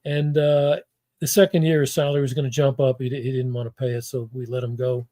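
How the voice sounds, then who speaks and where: A man's voice: mid-range voice, flat delivery, fast talker, warm tone, dry recording. Older man rambling through anecdotes. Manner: rambling, with many restarts and acted-out quotes. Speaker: guest, former football front-office executive. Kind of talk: anecdotal interview storytelling.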